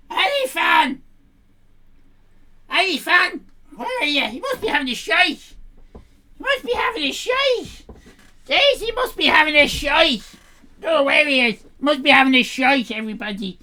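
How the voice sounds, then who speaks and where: A woman putting on a loud, sassy sixteen-year-old Irish girl with a bright, high-pitched voice that leaps all over the place. She is brash and shouty as she hosts a live stream in character, rambling to herself between greetings. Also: animated, moderate pace. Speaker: livestream host in character.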